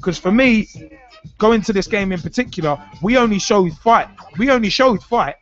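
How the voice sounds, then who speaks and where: A man's voice: high voice, animated, normal speed. A man hosting a live football talk show, ranting bluntly and heatedly, repeating himself as he drives his points home. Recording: dull lo-fi sound with faint music.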